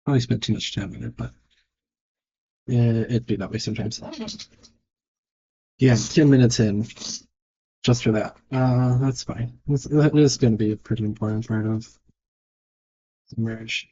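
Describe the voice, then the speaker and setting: A man's voice: mid-range voice, steady tone, a little slow, pauses often, warm tone, lo-fi sound, slight background noise. A man thinking aloud and judging his own work as he draws, in casual narration. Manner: muttered, self-critical thinking aloud. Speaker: digital artist. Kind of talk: casual narration while drawing.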